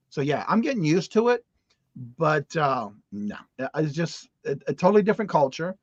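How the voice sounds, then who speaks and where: A man from Louisiana, a guest reseller, chatting casually and telling animated stories. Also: on the high side, a little fast, no echo. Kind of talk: casual livestream chat. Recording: dull dry audio.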